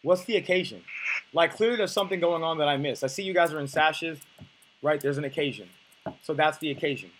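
A man's voice: fairly high pitch, fast talker, a bit bright, a little hiss or hum. A young man coaching on dating, talking bluntly and casually, with profanity and many restarts.

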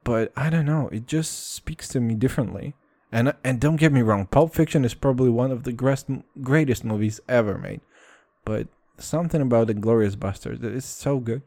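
A man's voice: mid-range voice, brisk, dark tone, no echo. A man chatting casually in a vlog, rambling and swearing, often repeating "dude" and "all right".

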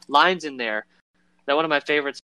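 Male podcast co-host, bright and forceful, rambling and filler-heavy, acting out quotes, dry close mic. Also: fairly high pitch, brisk, clean tone, no room sound. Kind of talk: casual chat about a film.

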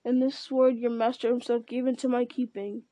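A woman's voice: on the high side, little pitch movement, normal speed, warm tone, no echo, close to an everyday voice, poor audio. A woman reading aloud as a fawning, sly old male counselor who wheedles and whines. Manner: wheedling, whining.

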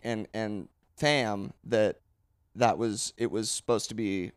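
A man's voice: lowish voice, fairly even intonation, slow, clean tone, no echo, studio quality. A man co-hosting a casual podcast, explaining history in a rambling way with many fillers and restarts. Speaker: podcast co-host. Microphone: close podcast mic.

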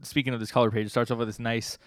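A man's voice: medium pitch, little pitch movement, racing, no echo, clean studio sound. A man co-hosting a podcast, chatting casually and recapping comic chapters in a rambling way with lots of ums and likes. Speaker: podcast co-host.

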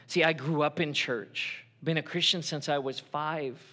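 Bright-voiced male pastor preaching. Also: a little high, normal speed. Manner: earnest, conversational preaching with acted-out quotes. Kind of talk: sermon. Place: church.

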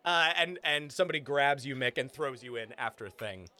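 A man narrating as game master of a tabletop game, improvising with animated, rambling description. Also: medium pitch, a little fast, no room sound. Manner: animated, improvised, many fillers.

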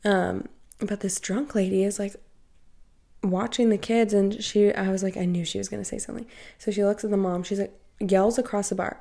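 A woman's voice: mid-range voice, level tone, moderate pace, mellow. A young adult woman co-hosting a podcast, telling a story in casual chat, full of "like" and acted-out quotes. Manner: chatty, heavy use of "like", acts out quoted dialogue. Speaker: podcast co-host.

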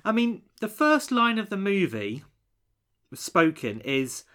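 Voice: mid-range voice, huge pitch swings, slow pace, a bit bright. Rambling film podcast co-host. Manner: rambling, self-correcting, many restarts and fillers. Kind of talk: casual film review chat.

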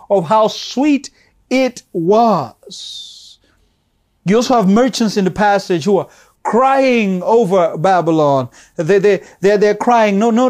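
A male preacher with a high voice delivers a fervent sermon. He repeats phrases and trips over words, swinging from ringing calls down to quiet, low asides. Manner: passionate, repetitive, rises to calls then drops low and soft; frequent stumbles and repeated words.

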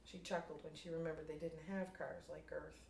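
Woman writer reads own story, low voice, echoey room off-mic. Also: flat delivery, fairly quick, vocal fry, a little mellow. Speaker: writer reading her story. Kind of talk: reading her own fiction aloud. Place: room at a writers' group meeting. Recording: roomy room, distant mic, faint noise.

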